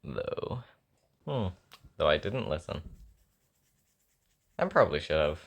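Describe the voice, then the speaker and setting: A young songwriter with a sore throat talks at home while writing a song, his creaky bass voice taking it slowly with big swings in pitch. He rambles, thinks aloud and pokes fun at himself in casual chat.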